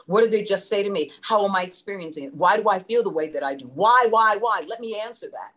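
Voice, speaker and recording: A woman's voice: mid-range voice, fast talker, hardly any pauses, a bit bright. A middle-aged woman from New York City coaching voice actors, speaking emphatically with rhetorical questions, repetition and swearing. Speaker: voice acting coach. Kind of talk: motivational talk.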